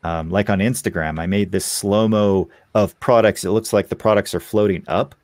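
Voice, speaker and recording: Candid, animated man talking shop. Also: fairly low pitch, normal speed, no echo. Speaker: guest. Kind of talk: casual podcast chat.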